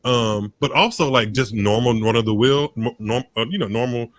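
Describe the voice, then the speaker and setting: A man's voice: mid-range voice, moderate pace, over a noisy crowd. A man co-hosting a casual podcast, chatting during a live match and laughing and rambling as he talks. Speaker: podcast co-host. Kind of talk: casual live watch-along chat.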